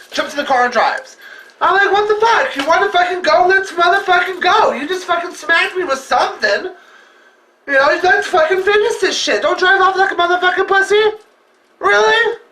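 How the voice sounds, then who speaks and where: A man with an extremely high-pitched, sharp-toned voice vlogs a personal story in a casual, emphatic, rambling way, heavy with profanity. The room is echoey and the mic is distant.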